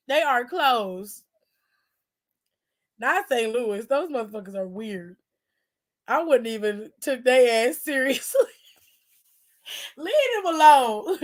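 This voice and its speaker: A high-pitched woman from Cleveland hosts a wrestling aftershow. Her casual chat is animated and profane, and she slips easily into exaggerated outrage. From Cleveland, Ohio.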